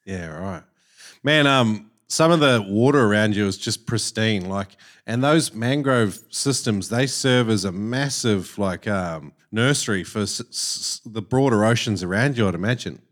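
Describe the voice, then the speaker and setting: A man's voice: on the low side, unhurried, fairly bright tone. A man with an Australian accent hosting a podcast, talking in an enthusiastic, laid-back way full of casual slang. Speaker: podcast host.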